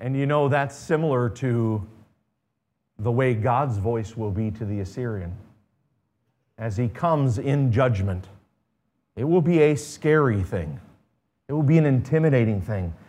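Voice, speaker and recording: A male pastor of medium pitch preaches to his congregation. He reads old-style scripture passages with building force. Between readings he turns soft and conversational and tells stories. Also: a little slow, long pauses. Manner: reads scripture with rising intensity, then drops to quiet, conversational asides.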